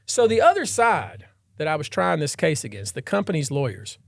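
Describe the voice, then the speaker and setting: A man hosting a podcast, a trial lawyer telling a story in an animated, dramatic way and acting out the scenes. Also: on the high side, moderate pace, creaky, no echo, studio quality. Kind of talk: casual storytelling chat.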